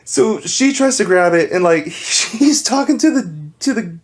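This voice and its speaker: A woman in an easygoing podcast chat, her voice sitting at an ordinary middle pitch. She laughs often and retells scenes in an animated, eager way, piling one detail onto the next. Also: measured pace. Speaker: podcast co-host. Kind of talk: casual chat.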